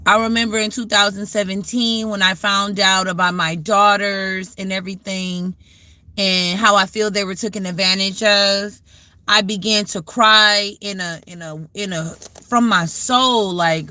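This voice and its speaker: A woman hosts a casual livestream, speaking conversationally and reflectively while she responds to viewer comments along the way. Her voice is medium in pitch with a steady, sharp tone and a moderate pace, captured in a dry recording.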